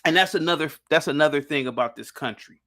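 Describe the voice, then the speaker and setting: A man with a bright, forceful voice argues his points on a casual discussion panel. He rambles, circles back, and stumbles over repeated words as he pushes his view. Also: fairly high pitch, fast talker. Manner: emphatic, rambling, many restarts and repeated words. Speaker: panel guest.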